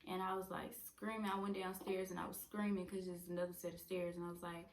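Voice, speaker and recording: A young woman in her twenties casually telling a personal story at home, chatty and animated. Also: fairly low pitch, quick pace, hardly any pauses. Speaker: vlogger. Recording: roomy echo.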